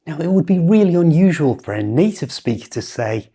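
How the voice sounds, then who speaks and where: A woman with a British accent teaching English pronunciation patiently, speaking example sentences slowly and clearly. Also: low-pitched, big pitch swings, dark tone. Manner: patient, instructive, over-articulated examples.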